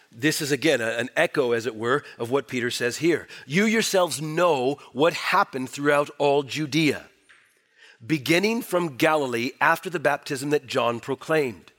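A male pastor preaching a sermon, swinging from emphatic declarations to hushed, low asides.

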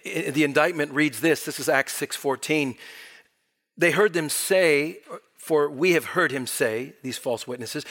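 Male preacher, higher-pitched, emphatic sermon style with dramatic quiet drops. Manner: emphatic, varying pace and volume, drops to near whisper.

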